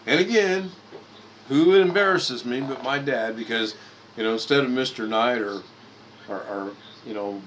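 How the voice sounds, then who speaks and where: A man's voice: medium pitch, steady tone, moderate pace, a bit bright, slight background noise, poor audio. A man in his fifties from Indiana, livestreaming and telling rambling personal stories with frequent restarts and self-corrections. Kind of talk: casual storytelling monologue.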